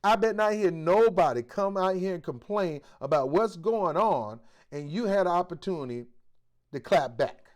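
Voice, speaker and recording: A male host giving preachy commentary in a forceful, exhorting way, with blunt street slang. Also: high voice, lively intonation, normal speed.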